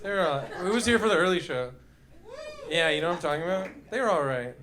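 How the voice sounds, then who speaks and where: A man's voice: fairly high pitch, animated, quick pace, background noise. A man doing loose, profane stand-up comedy, riffing with the audience and making yelping sound effects. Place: comedy club stage with live audience.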